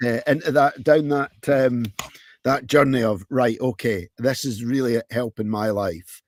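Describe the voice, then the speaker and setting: A man's voice: mid-range voice, fairly even intonation, a little slow, no echo. Hesitant male podcast host, dry sound. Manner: hesitant, restarts questions, many ums. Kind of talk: interview questions.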